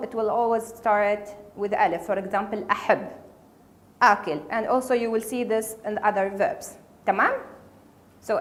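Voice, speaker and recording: A woman teaching a casual spoken language lesson, patiently repeating each word for learners. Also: fairly high pitch. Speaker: Arabic dialect teacher.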